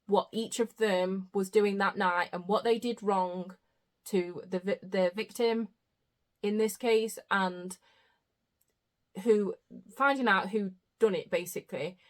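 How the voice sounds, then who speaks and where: A young woman, talking at an ordinary middle pitch. She chats casually about her reading, often losing her thread and starting again. She laughs at her own stumbles. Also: fairly even intonation, takes it slowly, pauses often. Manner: chatty, trails off and restarts, self-mocking. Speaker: book vlogger. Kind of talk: casual chat.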